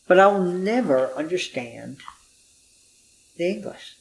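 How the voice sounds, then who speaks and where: An American man in his sixties with a wry, drawn-out storytelling manner, chatting casually as an interview guest in an apartment. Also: high-pitched, expressive, creaky, slight background noise. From United States. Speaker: guest, humor writer. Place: apartment room.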